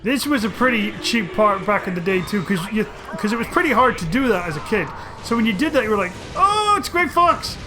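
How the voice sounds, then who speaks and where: A man giving excitable, profane gameplay commentary, often breaking into loud outbursts, over game music. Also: high voice, fast talker, few pauses. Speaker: let's play host.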